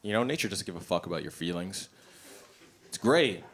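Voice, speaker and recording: A man doing a stand-up comedy set in a club, blunt, profane and animated. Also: deep voice, a little fast. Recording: live comedy club, noisy ambience.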